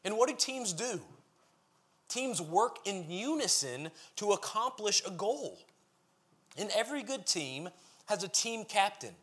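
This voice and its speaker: A man with a high-sitting, fairly bright voice preaches, first reading scripture aloud and then interpreting it. His delivery is earnest and emphatic, with points stacked into lists.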